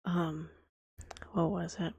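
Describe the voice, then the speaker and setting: Hoarse, gravelly young woman, softly whispering. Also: fairly low pitch, flat delivery, slow, dry recording, dull audio. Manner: chatty, soft and breathy, often drops to a whisper. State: hoarse from a cold. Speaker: vtuber streamer. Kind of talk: whispered role-play.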